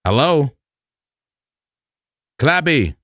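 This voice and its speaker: A man hosting a casual live crypto trading stream who talks excitably, laughs loudly and repeats himself. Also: fairly high pitch, drawn-out words, dry recording, studio quality.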